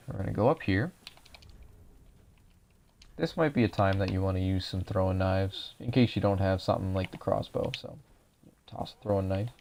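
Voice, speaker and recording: A young man with a low, gravelly voice talks through a game walkthrough in a relaxed, explanatory way. His voice sounds a little dry. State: voice drying out. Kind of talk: casual gameplay commentary.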